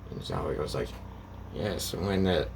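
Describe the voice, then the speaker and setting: A man telling a made-up fan story off the cuff, rambling and halting, voicing the characters' lines as he goes. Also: deep voice, creaky, a little mellow, slight background noise. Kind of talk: improvised fan story narration.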